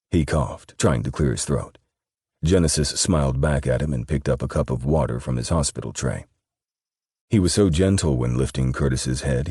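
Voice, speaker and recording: A man reading an audiobook in steady, measured scripted narration. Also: extremely low pitch, breathy edge, dry recording, studio quality.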